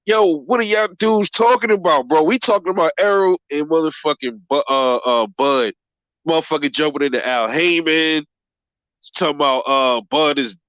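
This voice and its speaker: Dude on a boxing livestream reading chat, cussing and rambling, calls everyone bro, dry close sound. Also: male voice, fairly high pitch, fairly bright tone, no room sound, highs cut off. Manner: profane, rambling, quick to laugh; calls viewers bro and man. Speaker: boxing channel host.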